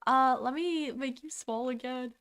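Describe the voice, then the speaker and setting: A young woman streaming casually, chatty and excitable, swearing freely, suffering from hiccups. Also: high-pitched, measured pace, clean tone. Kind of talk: casual livestream reaction.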